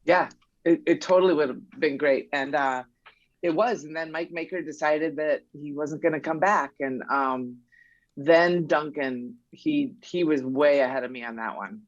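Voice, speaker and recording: A woman's voice: sits low, unhurried, dry recording. A middle-aged woman sits in as a podcast guest, telling family stories in an easy chatty way and acting out bits of old conversations. Her voice sounds close and dry. The recording is slightly muffled. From New England. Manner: warm storytelling, acting out remembered dialogue. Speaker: guest, mother of a basketball player. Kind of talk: casual podcast chat.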